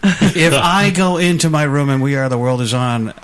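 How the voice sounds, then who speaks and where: A man's voice: medium pitch, moderate pace, fairly bright tone. A man co-hosting a casual podcast, sarcastic and crude, swearing freely. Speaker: podcast co-host. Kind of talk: casual banter.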